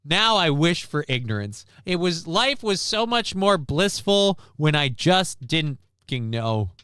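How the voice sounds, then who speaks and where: A man's voice: a little high, sing-song, unhurried, sharp tone, smooth, dry recording, studio quality. A man hosting a casual stream, ranting about the news in a sarcastic, profane, rambling way. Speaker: streamer host. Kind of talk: casual news commentary rant.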